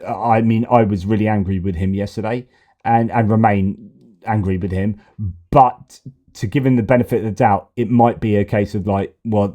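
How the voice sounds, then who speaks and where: A man's voice: on the low side, warm tone. A man giving sarcastic, exasperated political commentary, often repeating himself. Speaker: news commentator.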